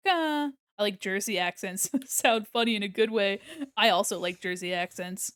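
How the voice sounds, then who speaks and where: A woman's voice: mid-range voice, moderate pace, a bit bright, clear, resonant tone. An American woman with a neutral General American accent, chatting casually with viewers while drawing on stream, rambling and laughing often. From United States. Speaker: art streamer.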